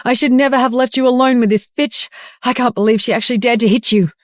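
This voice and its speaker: A woman voicing a vicious older grandmother who scolds loudly and harshly. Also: on the high side, fairly even intonation, fast, no room sound, clean studio sound, pitched above the performer's own voice, close to an everyday voice. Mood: furious.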